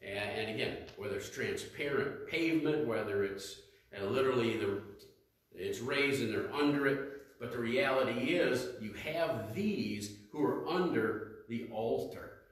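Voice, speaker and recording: In a church sanctuary, a male pastor preaches conversationally, posing questions to the congregation and reading scripture aloud. He speaks at a measured pace in a mid-range voice. The mic sits at a distance in an echoey church hall.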